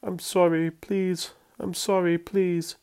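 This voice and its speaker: A man's voice: high-pitched, flat delivery, slow, darkish tone, clean tone, pitched above the performer's own voice. A man voicing a frightened, anxious young man who pleads and asks questions. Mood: whimpering.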